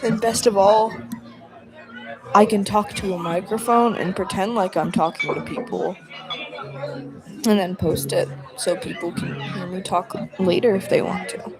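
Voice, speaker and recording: A woman's voice: mid-range voice, normal speed. A woman streaming a story game, reading lines aloud and breaking off into giggly, rambling, self-mocking asides. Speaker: streamer playing a visual novel. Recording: game music and crowd chatter behind.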